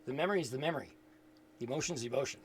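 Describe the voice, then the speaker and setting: A man's voice: medium pitch, rapid-fire, slight background noise. A man giving a casual spiritual talk, earnest and reflective, who rambles, thinks aloud and repeats words as he goes. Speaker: spiritual teacher.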